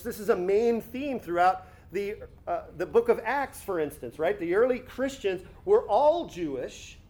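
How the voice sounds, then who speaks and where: A man preaching a conversational sermon, teaching with rhetorical asides and quick self-corrections. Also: sits high. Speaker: pastor.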